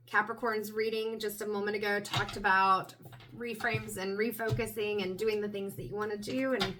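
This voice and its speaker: A woman tarot reader, her voice still hoarse from being sick, chatting casually with many ums as she introduces a reading. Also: medium pitch, recorded from a distance, noisy background. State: recovering voice, slightly hoarse.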